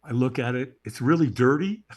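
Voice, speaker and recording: A man's voice: mid-range voice, brisk. A man being interviewed as a guest, telling a story with drama and often checking in with "right?". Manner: animated, dramatic storyteller who acts out the moments; checks in with tag questions like "right?".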